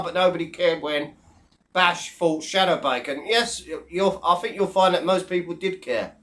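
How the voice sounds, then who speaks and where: A man's voice: sits high, fairly bright tone. A man rants straight to his viewers, blunt and full of swearing. His tone stays scornful and mocking as he tears into his targets. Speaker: online commentator. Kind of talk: profane rant to camera.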